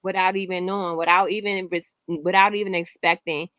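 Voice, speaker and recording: A woman's voice: fairly low pitch, flat delivery, a little fast, fairly bright tone, no room sound. A woman hosting a casual reaction chat, telling stories in a rambling way with many restarts. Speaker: host.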